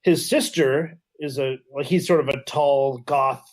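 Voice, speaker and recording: A man's voice: medium pitch, steady tone, unhurried. A Canadian man co-hosting a casual podcast, explaining things in an enthusiastic, rambling way full of fillers. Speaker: podcast co-host. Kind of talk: casual chat.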